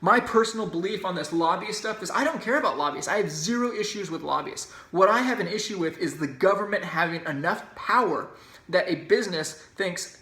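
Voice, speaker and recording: A man's voice: sits high, quick pace, pushed and bright. Emphatic man ranting in a roomy echo. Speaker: podcast host. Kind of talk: solo opinion podcast monologue.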